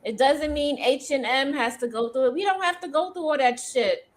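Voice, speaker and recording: Exasperated woman co-host, fairly high voice. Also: moderate pace. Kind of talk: casual panel chat.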